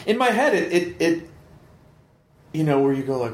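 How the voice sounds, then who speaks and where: A man's voice: a little high, big pitch swings, moderate pace. A man in casual chat, playful and jokey, laughing easily. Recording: echoey room.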